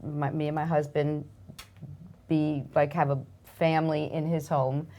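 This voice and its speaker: A woman's voice: low voice, level tone, a little slow. Chatty older woman, New York accent. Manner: chatty, self-deprecating, warm and effusive. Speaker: guest, arts nonprofit marketing director. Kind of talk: casual interview chat.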